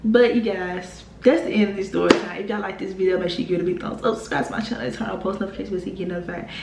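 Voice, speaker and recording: Animated young woman telling a story. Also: medium pitch, very fast, creaky. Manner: animated, heated retelling with profanity and laughs. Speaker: YouTube storyteller. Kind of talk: casual storytime vlog. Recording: echoey room with faint noise.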